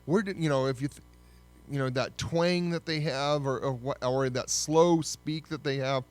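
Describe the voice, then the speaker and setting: A man giving a casual, conversational history lesson, often pausing to correct himself. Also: fairly high pitch, fairly even intonation, faint music behind. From United States. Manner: conversational, with frequent fillers and self-corrections. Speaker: history teacher.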